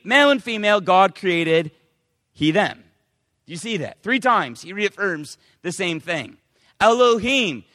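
A man preaching a sermon as pastor, emphatic, swinging from loud preaching to quiet asides. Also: sits high, dry recording, studio quality, big-room sound.

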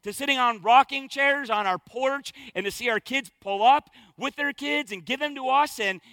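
A man preaching a sermon as pastor, with energetic, emphatic delivery and punchy repetition. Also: very high-pitched, no room sound.

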